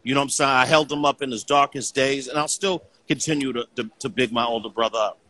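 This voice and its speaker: A man's voice: medium pitch, steady tone, fast, bright, forceful tone, slight background noise. A middle-aged man talking earnestly as a guest in a casual conversation, often saying "you know what I'm saying".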